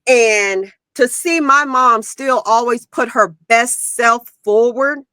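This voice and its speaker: A woman's voice: a little high, slow, pushed and bright, clear, resonant tone, no room sound. A woman from South Carolina, telling personal stories as a podcast guest in a reflective, heartfelt way. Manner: reflective, heartfelt, many "you know"s. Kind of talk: emotional personal storytelling.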